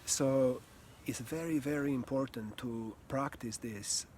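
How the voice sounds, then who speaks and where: Calm, earnest male voice coach. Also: medium pitch, background noise. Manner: calm, earnest, slow with pauses, occasional sighs and soft laughs. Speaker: communication and voice coach. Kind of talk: reflective teaching talk.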